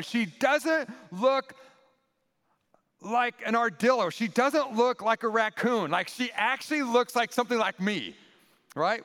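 A man preaching a sermon in a conversational, animated way with playful asides. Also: high voice, moderate pace, long reverb tail. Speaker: pastor.

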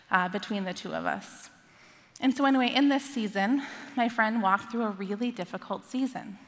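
A woman's voice: on the high side, a bit bright. A woman pastor delivering a sermon, earnest and asking her listeners direct questions. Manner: earnest, asks the congregation questions. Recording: long hall reverb.

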